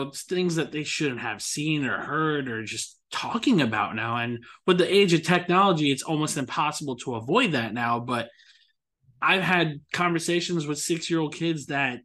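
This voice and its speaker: A man's voice: fairly high pitch, normal speed, bright, forceful tone. A man hosting a podcast interview over a video call, speaking candidly about his own experiences. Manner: candid, reflective, personal. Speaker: podcast host.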